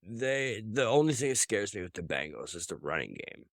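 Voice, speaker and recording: Dry, studio-quality audio captures a sports podcast co-host with a lowish, sing-song voice at a moderate pace. His casual chat is rambling and profane, full of restarted sentences.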